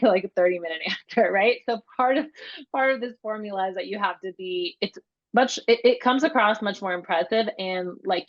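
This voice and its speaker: A woman hosting a podcast, chatting casually and reflectively, often saying "like" and "um" as she sets up her questions. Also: fairly low pitch. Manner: chatty, filler-heavy, reflective. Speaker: podcast host. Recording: slightly dull, muffled audio.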